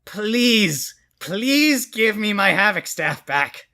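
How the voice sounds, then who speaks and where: A man voicing a blustering male villain, shrill and whiny as he demands his staff back. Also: very animated, slow, sharp tone, full character voice. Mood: indignant.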